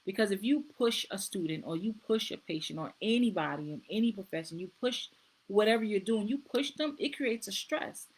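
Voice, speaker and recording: A woman's voice: mid-range voice, expressive, a little fast, husky, rough recording. A middle-aged woman, a nurse practitioner, hosting a casual live-stream talk, earnest and repeating herself as she goes. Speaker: host.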